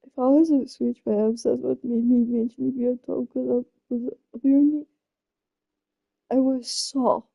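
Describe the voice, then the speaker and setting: A woman's voice: high-pitched, fairly even intonation, moderate pace, vocal fry, breathy edge, muffled recording. A woman live streamer chatting casually, flustered and exclaiming often as she laughs through her reactions. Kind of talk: casual chat.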